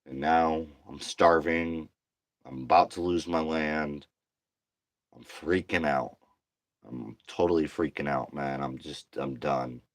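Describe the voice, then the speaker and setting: A man's voice: rumbling low, slow pace, no echo. A tired man venting to camera in a slangy, profane monologue, worn down and getting heated. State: exhausted.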